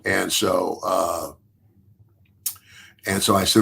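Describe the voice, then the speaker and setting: Deep gravelly older man telling a story. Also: fairly even intonation, normal speed, fairly bright tone, a little hiss or hum. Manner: rambling with many restarts and repeated words; chuckles through his own story. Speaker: podcast guest. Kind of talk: casual storytelling.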